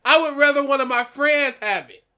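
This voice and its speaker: A woman co-hosting a casual chat, animated and laughing often as she reacts. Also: high voice, normal speed. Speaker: podcast co-host.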